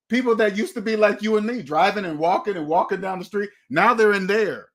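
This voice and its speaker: A man's voice: sits high, brisk, hardly any pauses, fairly bright tone. A man hosting a motivational money talk, preachy and emphatic, driving points home with repeated questions. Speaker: host.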